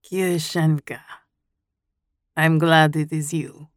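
A woman voicing a calm, caring Russian man who speaks in halting, broken English with a Russian accent. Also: low-pitched, dry recording, clean studio sound.

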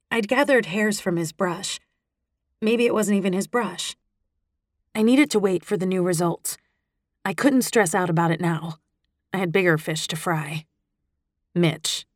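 A woman narrating a first-person audiobook in an intimate, expressive reading style. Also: mid-range voice, moderate pace, pauses often, dry recording, clean studio sound.

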